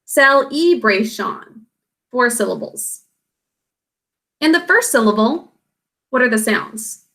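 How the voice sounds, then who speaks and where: A woman teacher walks a class through spelling, breaking each word into single sounds and syllables. She speaks slowly and patiently, in a voice pitched a little high. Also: animated, gravelly, bright, forceful tone. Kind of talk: recorded spelling lesson.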